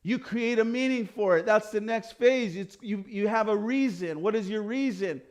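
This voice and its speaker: A man teaching a personal development class, explaining ideas in a casual, animated way with everyday slang. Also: sits high, moderate pace. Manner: animated storytelling with acted quotes and casual slang. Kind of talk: motivational lecture.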